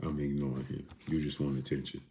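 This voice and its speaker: Deep gravelly man hosting a livestream. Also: flat delivery, fast. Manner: shouts out viewers by name, defensive and talkative. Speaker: boxing livestream host. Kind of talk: casual livestream chat reading super chats.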